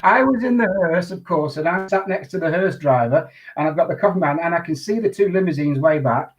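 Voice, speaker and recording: A man, an undertaker interviewed as a guest, telling his stories in an animated way. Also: fairly high pitch, fairly quick, rough recording. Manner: animated anecdotal storyteller. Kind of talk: storytelling in an interview.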